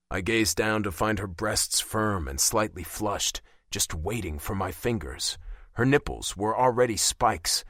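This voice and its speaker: Male romance narrator, animated delivery, dry close read. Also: on the low side, no room sound. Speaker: audiobook narrator. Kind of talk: first-person romance narration.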